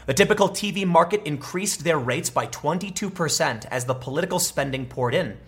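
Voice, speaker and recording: A man giving opinionated political commentary in a sarcastic, animated way, talking fast with frequent restarts. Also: fairly high pitch.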